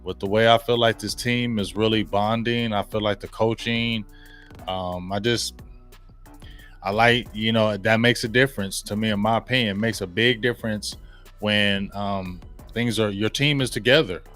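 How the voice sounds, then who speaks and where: A man hosting a sports podcast, talking in a casual, slangy, animated way and laughing often. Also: on the low side, moderate pace, soft background music. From Ohio. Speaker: podcast host.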